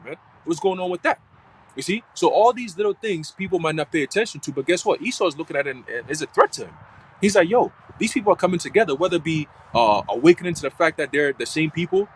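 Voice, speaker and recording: A man's voice: a little high, a bit bright, a little hiss or hum, poor audio. A man giving a live church teaching in casual, slangy, profane talk full of fillers. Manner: slangy and profane, heavy fillers like "you know what I'm saying". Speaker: church speaker.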